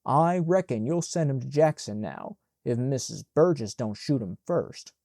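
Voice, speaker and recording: A man's voice: medium pitch, lively intonation, a little slow, gravelly, mellow, no echo, studio quality. A man voicing a sulky, self-righteous young man who complains defensively. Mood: resentful.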